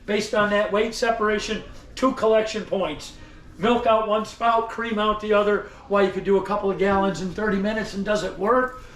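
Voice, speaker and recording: With a high, somewhat bright voice, fairly even intonation and normal speed, a costumed tour guide acts as a theatrical old-time salesman. He teases the visitors and speaks directly to them inside an indoor store museum, where the room echoes and faint background noise lingers.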